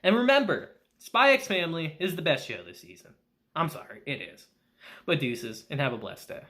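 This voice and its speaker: A man reviewing an anime episode in casual, excitable chat, laughing often. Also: on the high side, normal speed, slight background noise.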